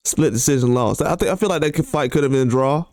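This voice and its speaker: A man's voice: mid-range voice, fast talker, darkish tone, no room sound, clean studio sound. A man hosting a boxing commentary channel who reacts to tweets in a blunt, casual way, full of slang and rhetorical questions, his voice often jumping up in disbelief.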